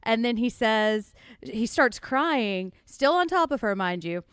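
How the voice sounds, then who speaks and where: A woman's voice: a little high, very animated, measured pace, smooth, no echo, clean studio sound. A woman co-hosting a podcast, chatting casually about a book and telling wry, laughing asides. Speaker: podcast co-host.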